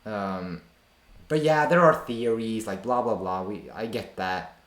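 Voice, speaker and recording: A man's voice: on the low side, a little slow, a bit bright, reverberant. A man streaming a reaction video, talking casually and incredulously with lots of fillers and slang.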